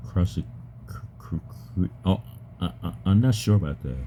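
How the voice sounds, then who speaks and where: A man with a deep voice chatting casually with an AI, halting and stammering and repeating his words. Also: expressive, dark tone, a little hiss or hum. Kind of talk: casual chat with an AI.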